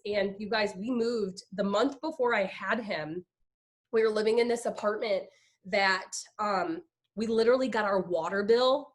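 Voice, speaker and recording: Chatty woman telling her story. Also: medium pitch. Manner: chatty and emphatic, heavy use of "like". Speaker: guest speaker. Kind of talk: personal story told to an online group.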